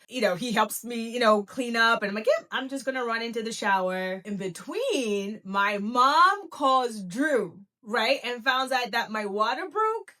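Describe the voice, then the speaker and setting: A woman in her thirties hosting a podcast, telling a personal story in a casual, lively way and acting out what people said. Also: fairly high pitch. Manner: animated, laughing, acts out quoted talk. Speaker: podcast host.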